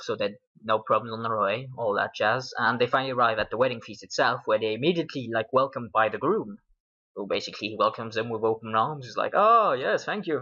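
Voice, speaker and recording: A man's voice: mid-range voice, sharp tone. A man from Britain, a game master, casually recapping his tabletop sessions in a rambling way with plenty of fillers. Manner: rambling, with many fillers and laughs. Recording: dull lo-fi recording.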